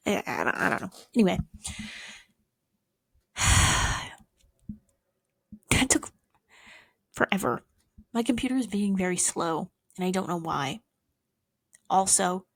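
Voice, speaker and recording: A woman's voice: lowish voice, creaky, no echo, studio quality. A young woman talking to camera in a casual, rambling monologue, swearing often and poking fun at herself. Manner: profane, rambling, self-mocking. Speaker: vlogger.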